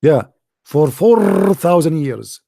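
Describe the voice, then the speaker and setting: A man's voice: on the high side, lively intonation, slow pace, warm tone, no room sound, studio quality. A man giving a scornful, emphatic commentary monologue in non-native English phrasing, repeating phrases and laughing often. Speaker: online religious debater.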